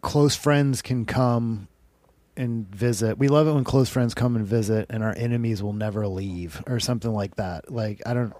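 A man's voice: lowish voice, moderate pace, warm tone, no room sound. A man telling a long story in casual chat, rambling and peppered with "like" and swearing. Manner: rambling, heavy use of "like", swearing.

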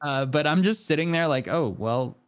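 A man's voice: on the high side, moderate pace, clean tone, dry recording, clean studio sound. A man, a podcast guest, telling a long story casually with lots of fillers and frequent laughter. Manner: animated, laughing often, many fillers.

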